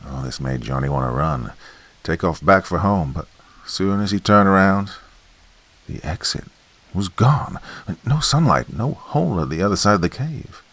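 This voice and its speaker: Gravelly deep-voiced horror storyteller. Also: male voice, lively intonation, moderate pace, no echo. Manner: folksy campfire telling, swings between loud and hushed. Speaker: horror podcast narrator.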